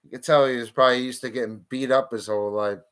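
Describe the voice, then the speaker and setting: A man's voice: medium pitch, steady tone, quick pace, a bit bright, smooth. A man streaming a casual monologue, talking bluntly and profanely with heated outbursts.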